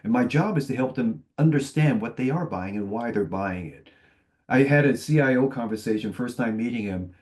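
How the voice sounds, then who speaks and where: A man on a panel recounts sales stories in a confident, punchy way with dry humour. His voice sits in an ordinary middle pitch. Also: lively intonation, moderate pace, darkish tone. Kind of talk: panel discussion, storytelling.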